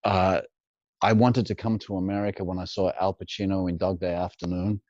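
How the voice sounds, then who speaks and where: A man's voice: low voice, flat delivery, a little fast, darkish tone, dry recording. Chatty man, dull dry sound. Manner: chatty, laughs often, repeats words as he starts. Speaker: guest impressionist. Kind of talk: casual interview storytelling.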